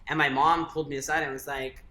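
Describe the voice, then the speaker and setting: A young adult man, a guest, tells a personal story in casual chat, chatty and loaded with fillers like "like." He talks fast in a fairly high, pushed, bright voice with little pitch movement, in an echoey room with faint ambient noise.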